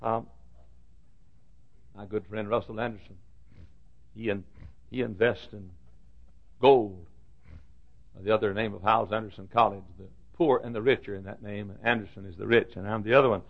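A man in his fifties preaching a sermon in a folksy, joking way, repeating himself and bursting into shouts. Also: fairly low pitch, steady tone, normal speed, pauses often. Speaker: pastor. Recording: dull lo-fi recording.

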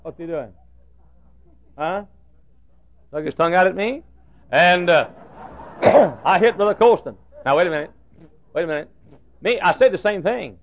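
Male preacher, fairly high voice, folksy and animated, swinging loud to hushed; dull lo-fi recording. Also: moderate pace, long pauses. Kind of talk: sermon.

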